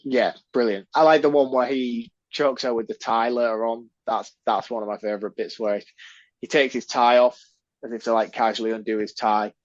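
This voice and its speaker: A man's voice: medium pitch, steady tone, brisk, dry recording, lo-fi sound. A man co-hosting a podcast, chatting about a horror film and jumping into exaggerated, outraged quotes. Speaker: podcast co-host. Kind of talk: casual film review chat.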